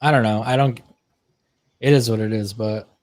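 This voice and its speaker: A man's voice: fairly low pitch, fairly even intonation, moderate pace, darkish tone, dry recording. Grumbling, profane young man, dry sound. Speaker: podcast co-host. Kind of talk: casual chat.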